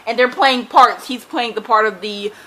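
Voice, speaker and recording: A young woman recapping a novel in an excited reading vlog, gushing and dramatic, breaking into screams and laughs between run-on summaries. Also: a little high, normal speed, poor audio. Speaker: book vlogger.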